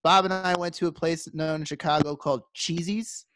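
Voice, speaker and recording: A man's voice: on the high side, steady tone, brisk, a bit bright, no room sound. A man co-hosting a podcast, telling a story in a casual way and acting out quoted dialogue with animation. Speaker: podcast co-host.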